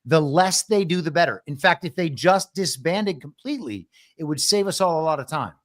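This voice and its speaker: A man's voice: a little high, animated, normal speed. A man co-hosting a podcast, giving emphatic, mocking political commentary. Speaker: podcast co-host.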